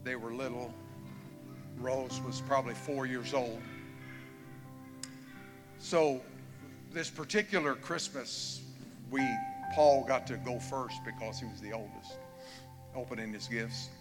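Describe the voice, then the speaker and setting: A man's voice: medium pitch, slow pace, pauses often. A man, preaching a fervent sermon and pressing the congregation with repeated questions. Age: 70s. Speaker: pastor. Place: church sanctuary. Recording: long hall reverb, faint music.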